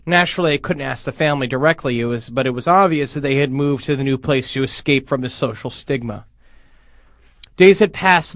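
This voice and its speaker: A man hosting a casual podcast, joking with friends and reading a story aloud in a hushed voice. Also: no room sound, studio quality. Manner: joking, reads in a hushed low voice. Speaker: podcast host.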